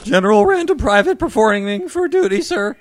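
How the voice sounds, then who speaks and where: A man's voice: high voice, sing-song, fairly quick, crowd noise. A man playing an eager young army private reporting for duty in a clipped military manner.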